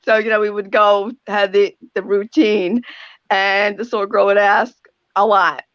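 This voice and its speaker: An older woman hosts a talk radio show, sharing stories in a reflective, tender way with frequent pauses. Her voice sits at a middle pitch. The recording is dry and slightly muffled. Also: level tone, no room sound. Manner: reflective, pausing, softly emotional storytelling. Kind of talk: heartfelt conversational talk.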